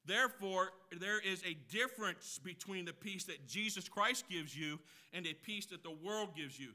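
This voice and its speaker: A male pastor preaching with a very high, piercing, sharply bright voice. He swings from loud, emphatic declarations to hushed, low asides. He counts off his points one by one and puts questions straight to the congregation. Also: normal speed. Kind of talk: sermon.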